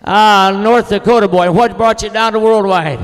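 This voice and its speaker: A man's voice: high-pitched, steady tone, moderate pace. A man hosting a student auction, introducing bidders and items with hearty, folksy banter. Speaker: auction host. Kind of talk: folksy emcee patter. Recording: echoey hall.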